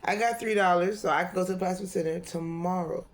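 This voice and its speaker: A woman's voice: lowish voice, quick pace. A woman tarot reader talking in a loose, rambling monologue, swearing freely and laughing often.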